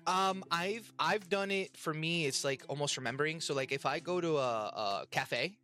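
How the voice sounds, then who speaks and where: With soft music underneath, a restaurant server co-hosting a podcast talks casually about the job in a meandering way, often restarting. He has an American accent and a slightly high, sharp voice, steady in tone and at normal speed.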